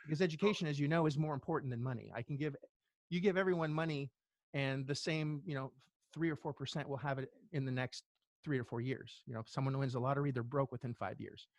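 A middle-aged man telling a personal story as an interview guest, earnest and halting, with many restarts. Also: mid-range voice, fairly even intonation, no echo. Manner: earnest, halting, tearful at times.

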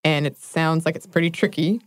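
A woman's voice: deep voice, normal speed, no echo, clean studio sound. A woman co-hosting a casual food chat, laughing often and correcting herself. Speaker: podcast co-host.

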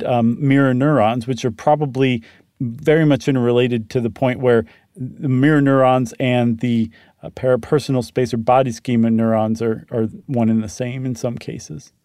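A man's voice: mid-range voice, dark tone, dry recording, studio quality. A man co-hosting a podcast, explaining ideas thoughtfully in casual chat. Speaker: podcast co-host.

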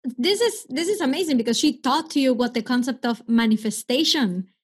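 Woman interviewer, short affirming replies, high and breathy. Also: moderate pace. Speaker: podcast host.

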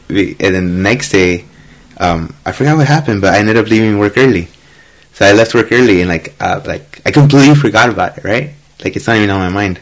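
Low-voiced laid-back guest guy. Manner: laid-back, halting, swears casually. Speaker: podcast guest, host's younger brother. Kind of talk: casual chat.

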